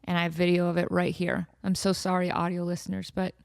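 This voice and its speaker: A woman hosting a casual comedy podcast, animated and laughing often as she riffs and quotes her cat. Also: lowish voice, fast talker, vocal fry. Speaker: podcast host. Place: home in desert valley.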